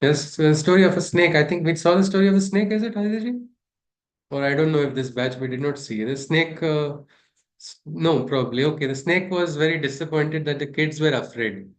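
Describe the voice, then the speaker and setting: A man's voice: fairly high pitch, fairly quick. A man teaching a scripture class, talking things through and asking his listeners rhetorical questions. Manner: discursive, asks rhetorical questions. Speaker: spiritual teacher.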